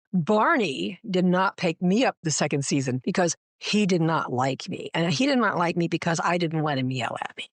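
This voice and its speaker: A woman's voice: on the low side, no echo. A woman showrunner, a guest on an interview podcast, telling stories and acting out quoted dialogue. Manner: animated, acts out quoted dialogue in her anecdotes. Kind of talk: conversational storytelling interview.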